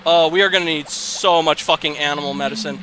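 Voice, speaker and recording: A man's voice: on the high side, steady tone, fast, over music. A young man casually commentating on a farming game, rambling and swearing, tipping into exasperated outbursts and laughter. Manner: rambling, profane, swings into exasperated shouting and laughter. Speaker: let's play host.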